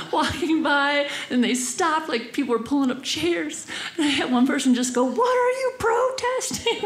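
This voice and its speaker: On a comedy club stage, a young female stand-up comedian tells a story in a giggly, bubbly way, acting out the voices of the people in it. Her voice sits high, and the roomy club recording carries background noise and the audience.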